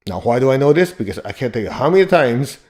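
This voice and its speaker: Male spiritual teacher, mid-pitched, blunt motivational talk with jokes and laughs. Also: very animated, fast talker, a little mellow. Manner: emphatic, blunt and joking, with bursts of laughter.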